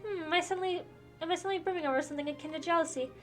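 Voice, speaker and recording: A woman's voice: very high voice, very fast, faint music behind, pitched above the performer's own voice. A woman reading aloud and voicing a flamboyant male musician who talks in a grand, theatrical way.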